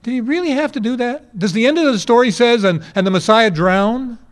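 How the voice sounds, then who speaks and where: Elderly preacher telling folksy stories. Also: male voice, very high voice, fairly quick. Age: 80s. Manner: folksy storytelling with rhetorical questions. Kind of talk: sermon. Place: before a congregation.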